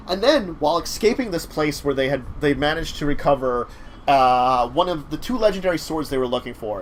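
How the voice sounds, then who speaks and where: A man with a slightly high voice recaps his tabletop sessions in a loose, rambling way, stopping and restarting his sentences. There is a faint hiss behind him. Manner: rambling, halting with fillers and restarts. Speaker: game master, show host. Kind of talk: casual chat recapping games.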